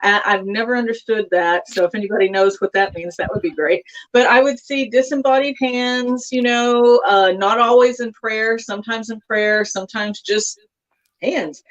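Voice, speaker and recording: A woman's voice: medium pitch, highs cut off. A woman from Texas, a guest author, chatting casually in an interview with many fillers and asides.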